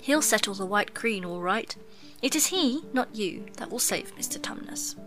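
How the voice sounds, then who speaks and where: A woman's voice: fairly high pitch, expressive, normal speed, fairly bright tone, soft background music. A woman voicing a gloomy, earnest male beaver in a storybook reading, confiding and dramatic. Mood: eager.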